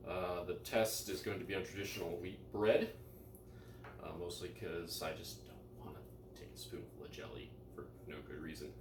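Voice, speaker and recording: A low-voiced man talks through his kitchen experiment in a relaxed, self-mocking way, filling pauses with ums and uhs. He sits a bit back from the mic, so the room echo comes through with a faint hum of ambience behind him. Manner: laid-back, self-deprecating, many fillers. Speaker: cooking vlogger. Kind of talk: casual vlog chat. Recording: echoey room, mic some distance away.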